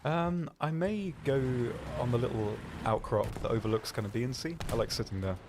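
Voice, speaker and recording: A man's voice: medium pitch, brisk, background noise. A man co-hosting a game stream, talking in a laid-back, hesitant way and hedging what he says. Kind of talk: casual gameplay chat.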